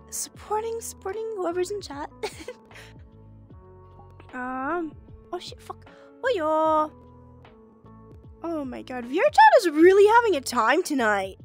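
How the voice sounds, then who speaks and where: A woman's voice: high voice, big pitch swings, slow pace, pauses often, faint music behind. A young woman streaming and chatting casually with viewers, giggly and prone to exclamations. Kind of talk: casual livestream chat.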